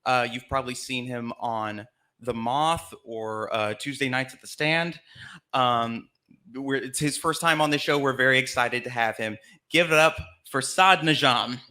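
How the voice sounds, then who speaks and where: A man's voice: mid-range voice, unhurried, pushed and bright. A man from Alabama hosting a live storytelling show on a theater stage, telling a comic story in a chatty way and laughing between lines. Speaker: host.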